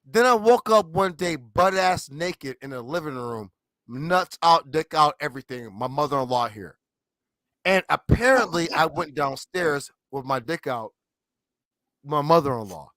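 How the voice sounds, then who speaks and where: A man telling profane stories in casual chat, animated and loud when he acts out quotes. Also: fairly high pitch, measured pace, no room sound, poor audio. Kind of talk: casual crude storytelling.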